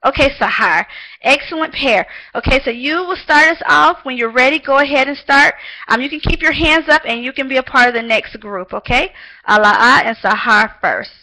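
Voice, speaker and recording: A high-pitched woman with a sharp tone teaches an online English class at a moderate pace, heard on a low-quality recording. She is encouraging, heaping praise on her students and calling on them by name.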